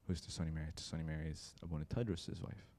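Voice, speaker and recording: A man's voice: very deep voice, fast talker. A young man telling a story in a church talk, acting out the people he quotes. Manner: lively storyteller who acts out the people in the story. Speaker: church speaker.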